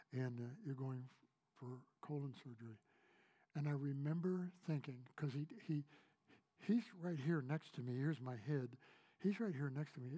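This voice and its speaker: Earnest pastor preaching, mellow husky voice. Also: male voice, medium pitch. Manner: earnest, repetitive, shifts between raised emphasis and soft near-whisper. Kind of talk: sermon.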